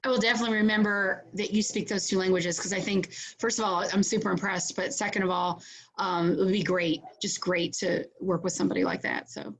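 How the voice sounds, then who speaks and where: A woman's voice: medium pitch, fairly even intonation, fairly quick, rough recording. A woman on a video call, giving brief, encouraging replies in casual chat.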